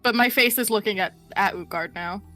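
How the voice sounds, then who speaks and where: A woman playing a tabletop game, describing her character's actions in halting, restarting phrases. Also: medium pitch, pushed and bright, faint music behind. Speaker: player. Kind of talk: casual tabletop game play.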